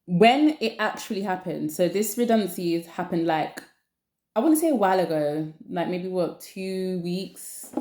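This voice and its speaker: A woman's voice: fairly low pitch, lively intonation, normal speed, a little mellow. A woman chatting casually to camera as a vlogger, rambling and repeating phrases for emphasis. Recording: roomy echo.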